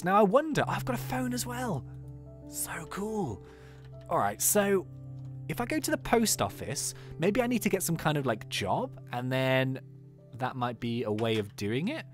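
Animated, playful man commentating a game. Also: a little high. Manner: playful, animated, thinks aloud. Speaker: gaming YouTuber.

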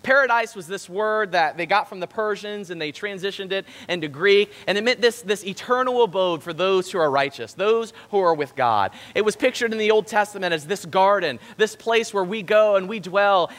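A man's voice: high voice, lively intonation, normal speed, hardly any pauses, fairly bright tone. A man preaching a sermon in a church, emphatic and rising and falling for stress. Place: church sanctuary. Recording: long church hall reverb.

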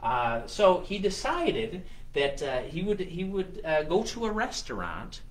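A man's voice: high-pitched, wildly swooping pitch, unhurried. A man hosting a children's show, making up a story on the spot with lots of fillers and playful restarts. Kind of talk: improvised storytelling for kids.

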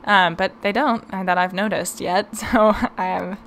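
A woman's voice: medium pitch, steady tone, a little slow, fairly bright tone, slight background noise. A young woman hosting a podcast, telling a story in a casual, chatty way, laughing often and filling her talk with "um" and "like". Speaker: podcast host.

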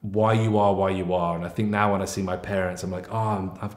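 A man's voice: low-pitched, fast talker. A young man with an English accent, chatting casually and laughing easily while answering viewer questions with his partner. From England. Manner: relaxed, rambling, laughs easily. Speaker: vlogger co-host. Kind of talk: casual couple Q&A chat. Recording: echoey room.

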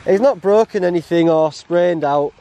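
A man chatting casually while hiking a mountain trail, blunt and quick to laugh. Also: sits high, gravelly, mellow. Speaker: hiker vlogger. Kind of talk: casual outdoor vlog chat.

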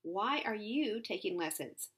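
A woman's voice: mid-range voice, expressive, brisk, close to an everyday voice. A woman voicing a tough, scornful young girl who talks bluntly and bossily.

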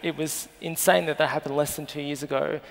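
A man's voice: fairly high pitch, little pitch movement, brisk, gravelly. A man with an Australian accent in his thirties, speaking earnestly and emotionally as a guest on stage. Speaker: journalist guest. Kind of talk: live stage interview. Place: festival stage. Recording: long hall reverb.

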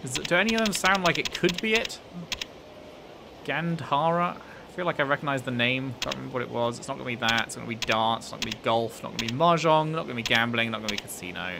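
A man's voice: medium pitch, fast talker, vocal fry. A man giving casual, chatty commentary while playing a game, puzzled at times and swearing freely. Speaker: let's play gamer. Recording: noisy, with game sounds behind.

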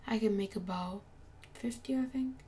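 A woman's voice: medium pitch, normal speed, warm tone, close to an everyday voice. A woman voicing a cocky, boastful teenage boy ninja in an offhand, casual fan story reading.

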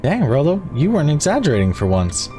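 A man's voice: fairly high pitch, wildly swooping pitch, fast talker, dark tone, soft background music. A man voicing a dry-witted boy protagonist in a storybook game, teasing his friend in a wry tone.

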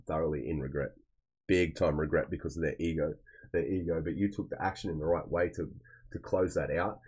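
A man with a very deep, dark and husky voice talks through a tarot reading in a loose, rambling way. He circles back over the same phrases and keeps checking in with the listener. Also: poor audio. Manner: rambling, repeats phrases, often adds "okay?". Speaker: tarot reader. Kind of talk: casual spoken tarot reading.

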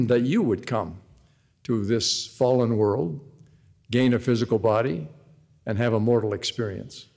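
A man preaches a devotional address in an earnest, measured way, often reading scripture aloud. His voice sits at an ordinary pitch. A long reverb from the large arena trails behind his words. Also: creaky, a little mellow. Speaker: devotional speaker. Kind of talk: devotional sermon.

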